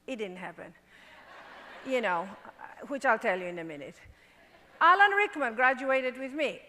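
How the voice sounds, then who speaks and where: A woman from Greece with a Greek accent, giving an animated storytelling talk as a speaker and acting out the voices she quotes. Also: fairly high pitch, moderate pace. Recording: long hall reverb from a live talk.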